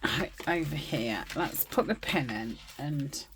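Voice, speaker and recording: Low, slow-talking woman crafting. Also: expressive, creaky, husky. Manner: rambling, chatty, murmurs asides to herself. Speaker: craft channel host. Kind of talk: casual crafting chat. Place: home crafting desk.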